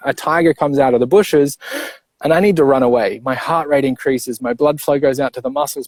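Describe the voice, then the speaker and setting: A man coaching on breathing, explaining step by step in a clear, teacherly way and checking in with the listener as he goes. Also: medium pitch, a little mellow, dry recording. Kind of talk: explanatory interview talk.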